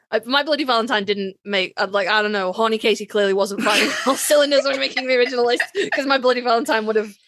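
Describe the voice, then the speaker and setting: Fan podcast co-host, woman, highish pitch, gushing rambling delivery. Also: fast, fairly bright tone, a little hiss or hum. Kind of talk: casual fan chat.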